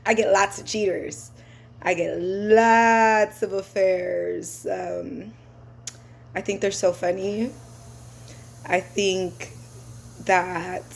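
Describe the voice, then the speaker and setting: A woman drives for a rideshare service and tells a casual storytime vlog. She talks slowly, with a relaxed, unhurried delivery. Her speech is chatty and full of slang. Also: medium pitch. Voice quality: slangy, laid-back and chatty.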